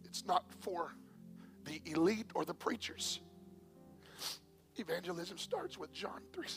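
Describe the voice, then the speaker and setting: A man preaching a sermon as pastor, swinging between hushed whispers and shouts, with faint music behind. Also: high voice, expressive, a little slow, creaky, long pauses. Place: church.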